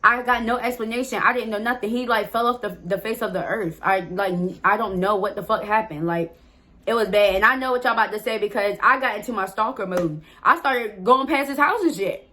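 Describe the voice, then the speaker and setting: A woman's voice: medium pitch, fairly quick, bright, forceful tone. Candid woman telling a storytime. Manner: candid, swears freely, addresses viewers as y'all. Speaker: storytime vlogger. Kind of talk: casual storytelling to camera.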